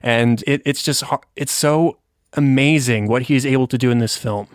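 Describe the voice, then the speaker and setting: An American man hosting a podcast, talking about a film in an earnest way that gets animated when he praises it. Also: medium pitch, moderate pace, no room sound, studio quality. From United States. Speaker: podcast host. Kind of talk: casual film discussion.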